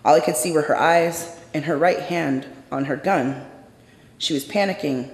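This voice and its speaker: A storyteller performing a true personal story live on stage, intense and measured, going hushed in the quiet moments. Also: mid-range voice. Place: stage in a large hall. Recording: roomy hall with long reverb.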